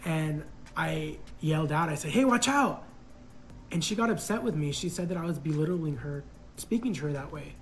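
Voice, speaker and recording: A man's voice: fairly high pitch, a little fast, faint music behind, poor audio. Reflective man telling his own story. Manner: reflective, hesitant, many fillers. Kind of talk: casual personal storytelling.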